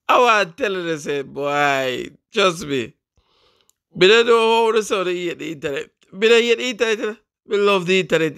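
Lively Jamaican man hosting a gossip show. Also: high-pitched, no echo, clean studio sound. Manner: lively Patois banter with laughs. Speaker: host. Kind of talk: casual commentary.

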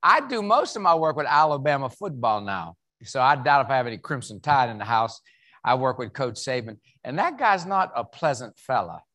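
A man's voice: mid-range voice, big pitch swings, normal speed, a bit bright. Joking Southern man giving a keynote. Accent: Southern American. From West Virginia. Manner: folksy, joking storyteller. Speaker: keynote speaker. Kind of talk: humorous motivational talk. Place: event hall.

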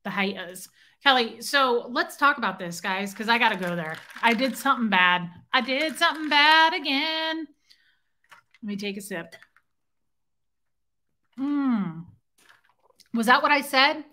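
A woman's voice: medium pitch, expressive, unhurried, long pauses, sharp tone. A young woman hosting a casual livestream, chatting playfully and reading viewer comments aloud, now and then breaking into a snatch of song. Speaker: livestream host.

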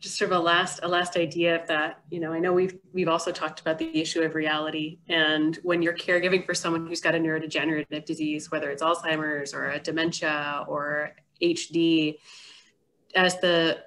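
A woman host with a slightly low voice speaks in a measured, reflective counseling manner. She talks things through thoughtfully. The sound comes from a video call. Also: flat delivery, a bit bright, a little hiss or hum. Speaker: host, clinical social worker. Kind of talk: reflective discussion.

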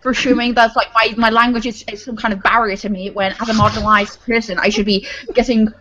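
A woman with a strong Scouse accent, pitched a little high, delivering deadpan ironic banter in a group voice chat. The audio is dull and lo-fi, like a typical stream capture. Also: fast, noisy background. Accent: Scouse (Liverpool). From Liverpool, England. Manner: ironic, heavy regional accent others can't follow. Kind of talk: mock-serious trolling banter on a stream.

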